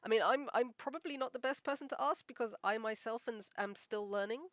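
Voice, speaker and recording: A woman animator draws on a livestream while chatting casually, her voice a little high, fairly quick and a bit bright in a dry recording. She rambles with plenty of "like" and "um," coming across as modest and encouraging.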